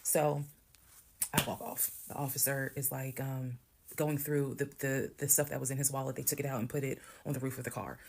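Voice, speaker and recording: Very low, gravelly woman telling a story. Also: flat delivery, a little fast, darkish tone. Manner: conversational, blunt, swears while retelling. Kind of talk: casual storytime monologue.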